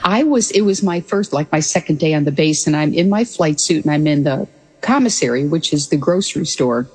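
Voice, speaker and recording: A woman's voice: low voice, expressive, brisk, breathy edge, big-room sound, low-quality recording. A woman in her sixties, a former military pilot, telling her story as an interview guest in an earnest, reflective way. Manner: earnest and reflective, with frequent restarts and light laughs. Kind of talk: conversational storytelling.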